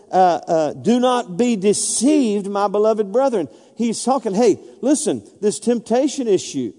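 A man's voice: sits high, warm tone. A man preaching a sermon as pastor, emphatic and calling out to the congregation. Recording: long hall reverb.

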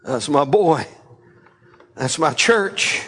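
A man's voice: a little high, lively intonation, very slow, fairly bright tone, husky. A man preaching a fiery, emphatic sermon, rallying the congregation with frequent exclamations.

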